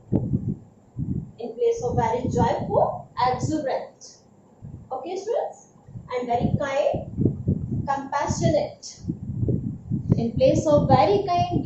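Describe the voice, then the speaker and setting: A woman teaches vocabulary in a high voice, saying each word twice and asking her students if they follow. She sounds far from the mic in an echoey room, and the recording is dull and noisy. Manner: repeats each word slowly, often checks in with "okay, students?". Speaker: English teacher. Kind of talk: vocabulary lesson.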